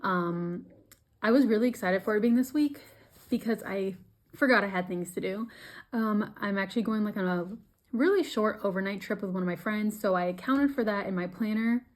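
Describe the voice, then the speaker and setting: A woman's voice: mid-range voice, normal speed. A woman in her twenties talking in a casual vlog, chatty and giggly, full of "like". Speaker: vlogger.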